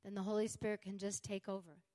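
A woman preaching a sermon with fervent emphasis, slowing down to stress key words. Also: medium pitch, level tone, mellow.

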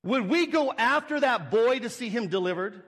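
A man with a high, light voice preaches to his congregation, explaining a scripture passage. He leans on rhetorical questions and acts out little scenes. His words ring out with a long reverb, as in a large hall. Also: lively intonation, moderate pace, fairly bright tone. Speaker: pastor. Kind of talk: sermon.

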